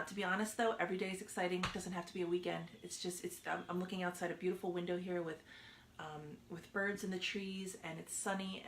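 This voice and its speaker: Woman advice host, earnest and repetitive, gravelly voice, roomy echo, faint background hiss; casual live-stream talk. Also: on the low side. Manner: earnest, repetitive, drops to soft near-whispers for emphasis. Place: indoors by a window.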